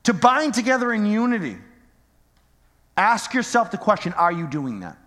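Sitting high and sing-song, this middle-aged pastor's fairly bright voice moves at a normal speed through his sermon. The recording, made in an echoey church hall, catches his conversational jokes and rhetorical questions to the congregation.

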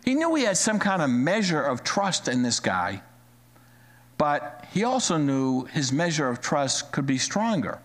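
A male pastor delivering a sermon in an animated way, repeating key phrases for emphasis. His voice sits high and swings widely in pitch. It rings out with a long reverb in a large sanctuary. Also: unhurried. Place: church sanctuary, live-streamed.

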